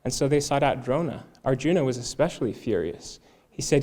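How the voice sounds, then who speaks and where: A man at a Sunday service, retelling a devotional tale in a calm, earnest sermon. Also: medium pitch, fairly quick. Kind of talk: sermon storytelling.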